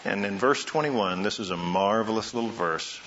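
A man preaching a sermon, asking rhetorical questions and swinging between soft and loud delivery. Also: on the low side, normal speed, slight background noise. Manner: dramatic swings in loudness and pace, rhetorical questions. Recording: roomy, slightly dull sound.

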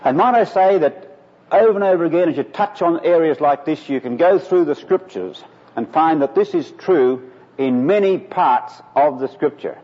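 A man's voice: on the high side, expressive, normal speed, slightly rough. A man preaching a sermon in an earnest way, rising to emphatic peaks. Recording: lo-fi recording in a reverberant hall.

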